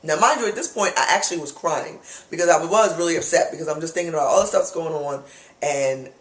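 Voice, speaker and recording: A man telling a customer-service complaint story to camera as a vlogger, animated, exasperated and blunt with casual profanity. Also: on the high side, fast, echoey room.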